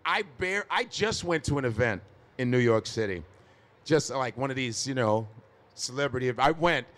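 A stand-up comedian from Chicago tells stories as a guest on a live podcast in a casual interview chat. His mid-range voice is a bit bright, with lively intonation at normal speed, and he swears freely and laughs often.

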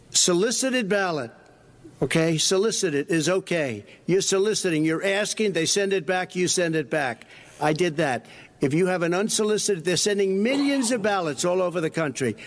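A man's voice: high-pitched, lively intonation, normal speed. A man giving a combative, repetitive debate speech, played as a clip with faint music underneath. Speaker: debating politician.

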